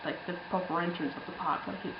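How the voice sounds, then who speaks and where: A woman's voice: on the low side, steady tone, fast talker, reverberant, lo-fi sound, a little hiss or hum. A young woman telling a travel story in a casual, rambling way, full of ums and little laughs. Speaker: travel vlogger.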